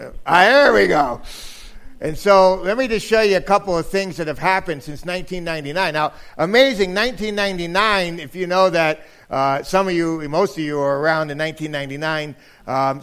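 Joking preacher man, slightly high voice. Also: vocal fry, a bit bright. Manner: joking, conversational, rising to emphatic preaching. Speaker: guest preacher. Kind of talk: sermon.

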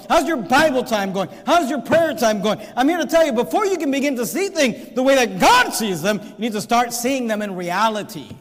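A man preaching a sermon, reading scripture aloud and building to emphatic, shouted points. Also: very high-pitched, long reverb tail. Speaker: pastor.

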